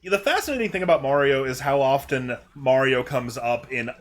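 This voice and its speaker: A man's voice: medium pitch, normal speed. A young man hosting a casual livestream while playing, rambling with lots of fillers and frequent laughs. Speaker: streamer host.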